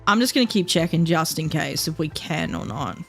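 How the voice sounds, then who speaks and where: A young woman livestreaming a game, chatting casually and thinking out loud in a rambling, easygoing way. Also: low-pitched, sing-song, brisk, gravelly, soft background music. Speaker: streamer. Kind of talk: casual gameplay chat while livestreaming.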